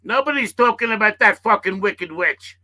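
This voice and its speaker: Heated man with a sharp bright voice. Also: high voice, animated, normal speed, low-quality recording. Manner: repetitive, heated, profane. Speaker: live panel guest. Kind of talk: heated live-stream chat.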